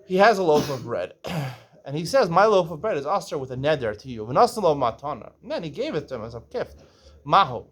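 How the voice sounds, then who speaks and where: A man's voice: a little high, sing-song, fairly quick, breathy edge. A man teaching a casual Talmud lesson. He reads Aramaic phrases aloud, translates them, and explains each step, often checking in with "right?".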